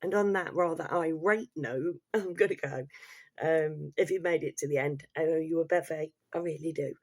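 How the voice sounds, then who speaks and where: A woman's voice: low-pitched, moderate pace, darkish tone. A woman delivering a heated, sweary rant straight to her viewers in a vlog. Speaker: vlogger. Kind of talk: ranting vlog monologue.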